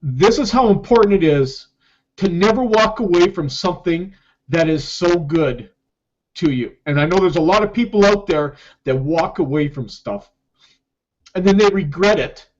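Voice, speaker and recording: A middle-aged man in a personal vlog, talking emotionally and haltingly about his own comeback, often repeating himself. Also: high voice, expressive. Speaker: network marketer sharing his story. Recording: dull lo-fi recording.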